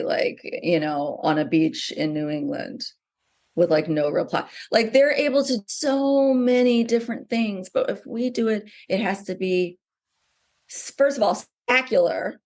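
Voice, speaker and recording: Being interviewed in a conversational way, a middle-aged woman novelist talks animatedly, often restarting and using fillers. She speaks a little slowly, with a lowish voice and fairly even intonation.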